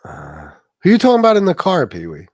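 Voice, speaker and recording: A man's voice: a little high, wildly swooping pitch, fast, darkish tone. A man hosts a loose, casual livestream and tells a story about a past clash. He talks crudely, laughs often, and mocks the other person with relish. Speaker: livestream host.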